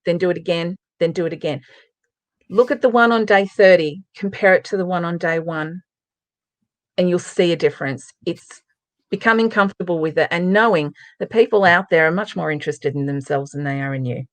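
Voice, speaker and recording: A woman's voice: lowish voice, brisk, no room sound. An Australian woman talking as a guest in a casual interview, chatty and upbeat, giving emphatic advice. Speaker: guest, craft presenter.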